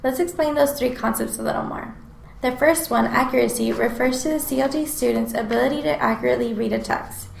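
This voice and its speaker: A woman's voice: a little high, vocal fry, roomy sound, slight background noise, low-quality recording. A woman reading aloud a scripted class presentation in an explanatory tone. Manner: reads aloud in an explanatory, even tone. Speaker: student presenter.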